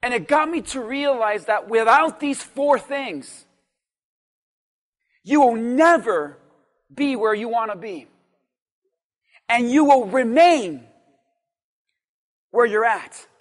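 A man preaching a sermon as pastor, emphatic and repetitive, swinging from quiet talk to shouted lines. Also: very high voice, lively intonation, slow pace, pauses often, long reverb tail. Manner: repeats phrases for stress.

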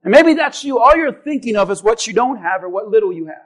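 Male pastor, very high voice, impassioned sermon, shouts and slows for emphasis, church. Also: animated. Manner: impassioned preaching, often shouting and slowing for emphasis.

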